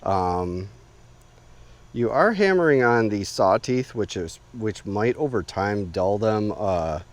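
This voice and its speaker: A man casually narrating an outdoor knife test, relaxed and rambling with lots of fillers, outdoors in the woods. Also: on the low side, takes it slowly. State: a bit out of breath. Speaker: outdoor gear reviewer.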